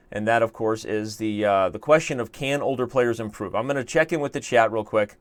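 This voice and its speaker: A man's voice: lowish voice, brisk, few pauses, no room sound. A young man hosting a chess show, chatting casually and thinking aloud as he works through a puzzle, with self-mocking humor. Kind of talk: casual live-stream commentary.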